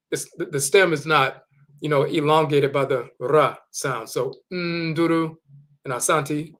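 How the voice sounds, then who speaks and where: Male teacher, a touch high in pitch, slow and deliberate, repeats key words while explaining. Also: a bit bright. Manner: carefully sounding out foreign words. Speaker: teacher of Akan spiritual tradition. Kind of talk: explanatory lecture with dictionary readings.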